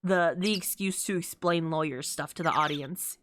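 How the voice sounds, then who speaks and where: A woman's voice: lowish voice, normal speed, a bit bright, slight background noise. A woman streamer giving playful, giggly commentary while playing a game.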